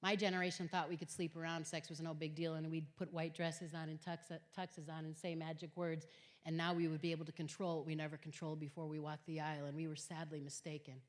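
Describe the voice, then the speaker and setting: Earnest woman speaker in echoing hall. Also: low voice. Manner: earnest, emphatic, swings from quiet to loud. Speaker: guest speaker at a high school. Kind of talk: earnest Christian talk to students with personal stories. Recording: long hall reverb.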